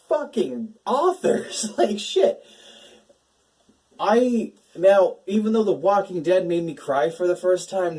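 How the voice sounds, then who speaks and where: A man's voice: on the high side, a little mellow, recorded from a distance, low-quality recording. A young man hosting a casual gaming talk, emotional and swearing, laughing between his words. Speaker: gaming channel host.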